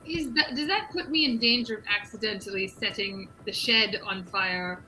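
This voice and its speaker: A woman's voice: mid-range voice, moderate pace, pushed and bright, slight background noise, low-quality recording. A woman playing in a tabletop role-playing game, playful and thinking aloud about her moves. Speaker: player.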